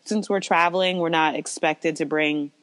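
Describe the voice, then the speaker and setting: A woman chatting casually with a somewhat low voice. She talks in a relaxed, self-deprecating way and laughs often. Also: normal speed. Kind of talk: casual chat.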